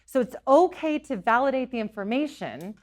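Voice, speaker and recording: A woman's voice: high voice, animated, normal speed. A middle-aged woman giving an earnest talk to a local group, telling stories and sometimes repeating herself. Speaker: psychic medium giving a talk.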